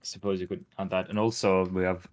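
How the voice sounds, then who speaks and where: Low-voiced northern english guy streaming code, chatty, tends to ramble. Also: fairly quick. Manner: rambling, animated explainer. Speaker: streamer building a compiler. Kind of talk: casual live-stream chat.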